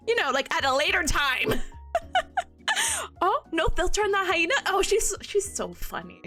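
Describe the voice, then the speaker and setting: A young-sounding woman hosts a study live stream and chats to her viewers, giggling often. Her voice sits very high and swoops widely, with a bright, sharp edge. Faint music plays behind her. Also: sing-song, moderate pace. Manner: giggly, bursts into laughter and squeals. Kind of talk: casual live-stream chat.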